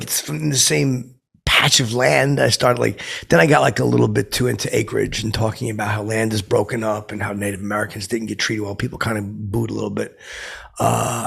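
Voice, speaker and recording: This improvised comic monologue features a man playing a washed-up, boastful, clueless stand-up, his voice deeply gravelly and husky with a fairly bright tone. The performance is heavily acted: he tells a rambling, stumbling story, quoting his own weak jokes and padding everything with fillers.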